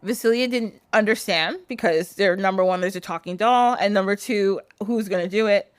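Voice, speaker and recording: A woman podcast host tells a folk tale in a loose, chatty way, full of laughter and "like". Her voice sits at a middle pitch. The recording is dry and close, with no room echo. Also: moderate pace, clean tone. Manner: animated, laughs often, filler "like". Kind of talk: casual storytelling.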